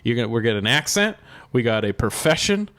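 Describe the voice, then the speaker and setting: A man hosting a comedy podcast in a playful, chatty way, with a pitch that jumps around a lot. He speaks at a middle pitch and rolls out mock-formal game-show introductions. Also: very animated, fast, a bit bright. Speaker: podcast host. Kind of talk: casual comedy podcast chat.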